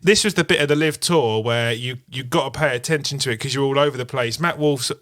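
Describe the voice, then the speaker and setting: Man, casual golf podcast chat, rambling storyteller, mid pitch, dry close mic. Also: fast talker, no echo. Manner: rambling, animated storytelling full of "like" and "you know". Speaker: podcast co-host.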